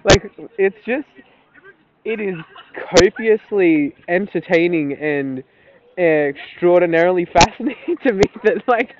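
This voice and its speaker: A young man giving a casual solo monologue, rambling and animated, swearing freely and laughing often. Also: sits high, unhurried, a crowd in the background. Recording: tinny phone-like audio.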